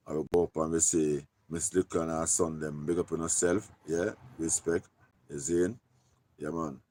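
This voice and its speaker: A Jamaican man talking casually on a live stream, giving shout-outs in loose patois and repeating his catchphrases. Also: low-pitched.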